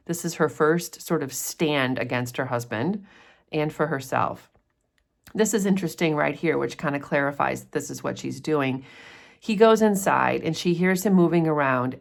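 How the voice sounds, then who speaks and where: A woman's voice: sits low, gravelly. A woman walking through a novel's chapters like a teacher, chatting and explaining with frequent ums. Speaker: literature teacher. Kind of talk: casual chapter summary lesson.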